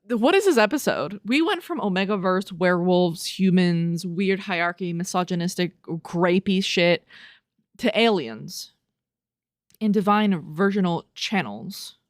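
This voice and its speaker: A woman's voice: on the low side, lively intonation, a little slow, no echo, studio quality. A young woman hosting a casual solo podcast, reading review quotes aloud and reacting with profane, laughing disbelief. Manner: incredulous, profane, laughing at what she reads; reads review quotes aloud and riffs on them. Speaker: podcast host.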